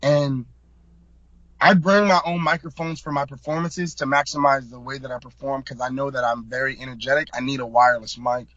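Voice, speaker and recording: A man in his twenties from South Florida, a hip hop artist guest telling a story in a slangy, emphatic, animated way. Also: mid-range voice, brisk, highs cut off. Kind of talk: casual storytelling.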